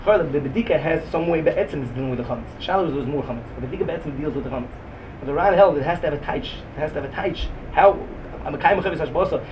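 A man with a Yeshivish accent teaches a Talmud class at a rapid clip. His voice sits high for a man and he presses his points hard. A faint hum of the room stays underneath. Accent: Yeshivish English. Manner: rapid, emphatic, mixes Yiddish and Hebrew terms into English. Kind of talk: Talmudic lecture.

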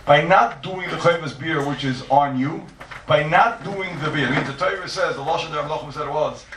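A man's voice: fairly high pitch, moderate pace, a bit bright, a little hiss or hum. A man teaching a Talmudic lecture, emphatic and repetitive, posing rhetorical questions and stressing his points. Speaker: Torah teacher. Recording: echoey room, distant mic.

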